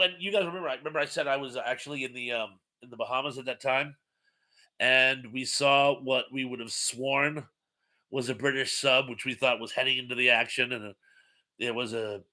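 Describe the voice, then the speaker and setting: A man's voice: medium pitch, sharp tone. A man hosting a casual live stream chat, reading viewer comments aloud in a chatty, rambling way with many filler sounds.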